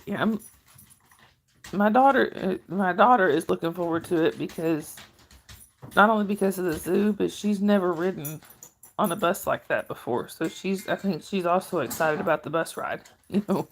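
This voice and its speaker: A woman's voice: fairly low pitch, normal speed. A middle-aged woman hosting a casual livestream, chatting with viewers, reading their comments aloud and cooing at her dog.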